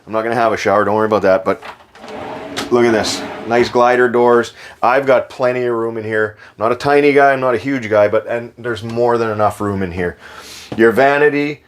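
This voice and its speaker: A man's voice: mid-range voice, brisk. Enthusiastic salesman, joking. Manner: enthusiastic, joking, repeats selling points. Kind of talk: casual sales walkthrough. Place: inside a travel trailer.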